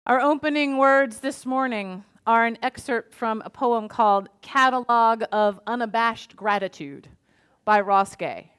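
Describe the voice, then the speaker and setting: A woman minister, leading a Sunday worship service in a church sanctuary. She moves between chatty, self-deprecating remarks and a measured reading of poetry. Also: on the high side, fairly bright tone, clear, resonant tone.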